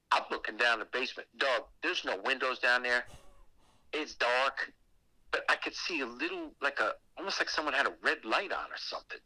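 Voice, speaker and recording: Bright-voiced man telling a profane story. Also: mid-range voice, normal speed, dry recording, low-quality recording. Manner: animated and heavily profane, with acted asides. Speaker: guest telling a ghost story. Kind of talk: casual storytelling on a podcast.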